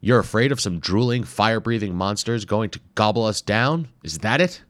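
A man's voice: lowish voice, animated, normal speed, a bit bright, no echo, pitched above the performer's own voice. A man voicing an eager, confident male archaeologist with ninja training who teases his friend, in a storybook reading. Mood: teasing. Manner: upbeat, teasing and confident.

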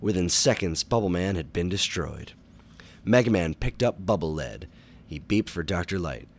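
A man with a very low voice reads a children's adventure book aloud. His storytelling is animated and dramatic, pushing up for exciting moments. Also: normal speed. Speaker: storybook reader. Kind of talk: audiobook narration for children.

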